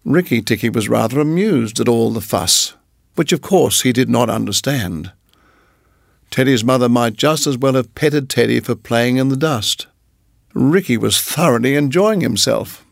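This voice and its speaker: A man narrating a storybook in a measured, even reading voice. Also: medium pitch, creaky, dry recording, clean studio sound.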